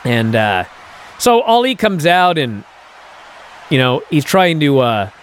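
A man's voice: on the high side, slow, a little hiss or hum. A male podcast host giving a casual, incredulous recap, filled with "uh" and "and so". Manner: animated, incredulous storytelling with many fillers.

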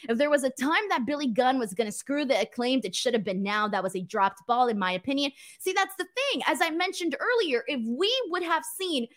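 A woman hosts a casual wrestling live stream, reading viewer messages while laughing often, joking, and swearing offhandedly. Her voice sits high, and she's animated and playful, talking fairly quickly with hardly any pauses.

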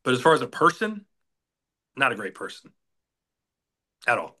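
A man's voice: medium pitch, moderate pace. A middle-aged man, a sports announcer, telling stories in a casual interview and acting out quoted bosses. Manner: animated, acts out quoted bosses in raised voices.

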